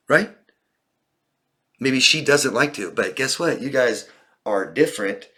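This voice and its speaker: A man's voice: medium pitch, animated, unhurried, long pauses, pushed and bright. A man coaching viewers in a Q&A, talking in an earnest, direct way with many restarts. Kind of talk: Q&A advice talk.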